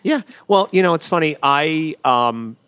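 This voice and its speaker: A man's voice: on the high side, animated, measured pace, fairly bright tone, smooth, no echo. A middle-aged man hosting an interview, inquisitive and talkative, often going off on tangents. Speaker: interviewer, podcast host. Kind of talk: casual conversational interview.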